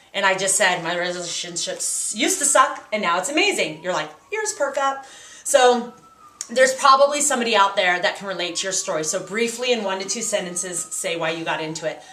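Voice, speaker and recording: A woman's voice: mid-range voice, expressive, fairly quick, bright, forceful tone, a little hiss or hum. Woman coaching sales in an echoey room. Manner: chatty, practical, coaching tone. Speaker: direct sales trainer. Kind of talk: casual training talk. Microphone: handheld camcorder.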